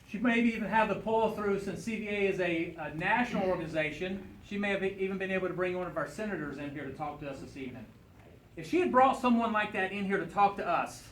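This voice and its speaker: In an echoey room with faint ambience and slight background noise, a man addresses a veterans event as a guest speaker. His high, fairly bright voice tells a story, then shifts to earnest, folksy remarks in this public speech.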